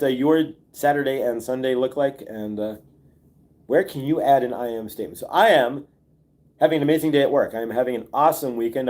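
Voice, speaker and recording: A man's voice: medium pitch, a little mellow. A man hosting a casual morning livestream, talking to his viewers in a loose, rambling way. He is upbeat and full of fillers, and he chuckles now and then. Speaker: host.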